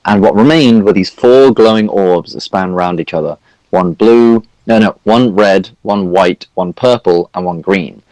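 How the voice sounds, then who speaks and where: A man's voice: low-pitched, darkish tone, no room sound, low-quality recording. A man recapping a tabletop game as dungeon master, rambling with fillers and correcting himself.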